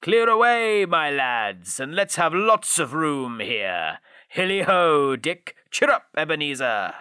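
A man voicing a portly, jovial old male merchant who calls out loudly in a storybook reading. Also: big pitch swings, slow, full character voice. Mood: exuberant. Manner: loud, booming, jovial calls.

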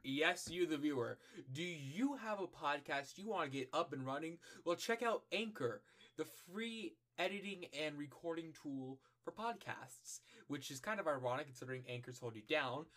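Casting: male voice, slightly high, goofy podcast ad read. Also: expressive, normal speed, fairly bright tone. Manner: playful, loose ad read with giggles. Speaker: ad reader. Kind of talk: sponsor read.

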